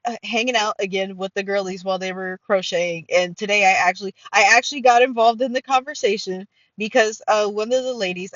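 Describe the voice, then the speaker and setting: A middle-aged woman hosting a casual solo podcast, excitable and full of fillers and swearing. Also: medium pitch, no echo, muffled recording. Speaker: podcast host.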